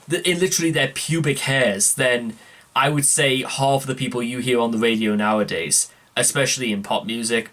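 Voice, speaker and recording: Guy doing a music reaction, rambling on, keeps correcting himself. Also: medium pitch. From northeast England. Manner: rambling, self-correcting, keeps calling out "ladies and gentlemen". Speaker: music reaction channel host. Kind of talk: casual reaction commentary.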